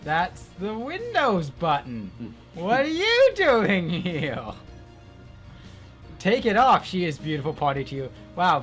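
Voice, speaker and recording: A man co-hosting a casual gameplay chat, jokey and excitable with quick outbursts. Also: a little high. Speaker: co-host.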